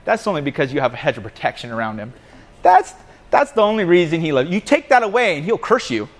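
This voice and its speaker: A man's voice: fairly high pitch, big pitch swings, fast. A man voicing Satan as a sly, laid-back schemer, talking in slang as he tells a story to a group of men. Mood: sly taunting. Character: sly taunting male Satan, casual and scheming.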